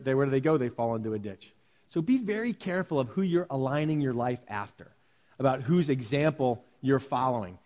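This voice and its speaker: A man's voice: fairly high pitch, darkish tone. A middle-aged man preaching a sermon in a church, talking plainly and now and then mimicking pompous prayers. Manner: conversational preaching with mock-pompous quoted prayers. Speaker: pastor. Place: church hall.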